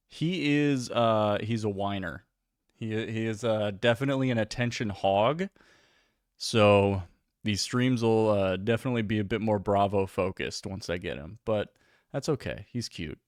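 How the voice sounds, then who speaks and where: Young dude chatting on stream, rambly and self-deprecating, says like a lot, dry sound with no room. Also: male voice, lowish voice, unhurried, no room sound. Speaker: livestream host. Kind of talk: casual chat.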